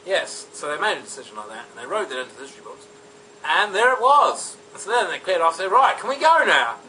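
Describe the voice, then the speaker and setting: A man's voice: fairly high pitch, animated, quick pace, bright, forceful tone. A man telling an absurd mock-history story in a rambling, meandering way, full of ums and asides, recorded from a distance. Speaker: comedic storyteller. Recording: distant mic with faint background noise.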